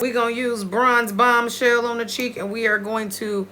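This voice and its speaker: A woman walks her viewers through a makeup routine in a playful, chatty way, with a bright, forceful tone. She breaks into high squeals now and then. A faint hum sits under her voice. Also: normal speed, hardly any pauses. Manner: lively, playful, talks straight to viewers. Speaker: beauty vlogger.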